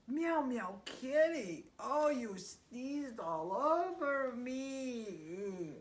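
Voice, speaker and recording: A woman's voice: high-pitched, big pitch swings, extremely slow, hardly any pauses. A woman hosting a children's puppet show, patiently explaining things to her puppet in a sing-song way.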